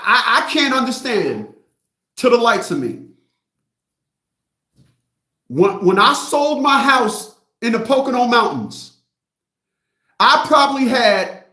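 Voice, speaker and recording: A man's voice: high-pitched, a bit bright, echoey room. A middle-aged man hosting a livestream rant, blunt and mocking, repeating himself. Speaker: host.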